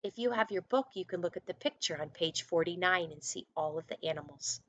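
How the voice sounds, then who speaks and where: A woman teacher reading a picture book aloud to first graders in an online lesson, gently asking the children questions. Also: fairly low pitch, brisk, highs cut off.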